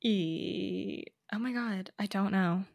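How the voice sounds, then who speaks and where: A woman's voice: mid-range voice, slow, vocal fry, a little mellow, dry recording. A young woman co-hosting a podcast, chatting casually, laughing often and filling her talk with likes and ums. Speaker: podcast co-host. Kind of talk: casual chat.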